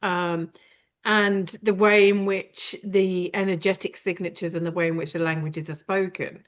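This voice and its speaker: A woman's voice: fairly low pitch, little pitch movement, unhurried. A British woman hosting a live conversation, talking directly and rambling with many fillers. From Britain. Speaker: host. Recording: dull lo-fi sound.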